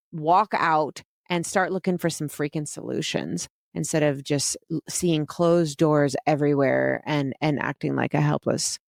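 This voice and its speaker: Low-voiced, frank storytelling woman. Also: creaky, no echo, studio quality. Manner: frank, self-mocking, laughs often, casual swearing. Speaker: vlogger telling a personal story. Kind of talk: candid personal storytelling.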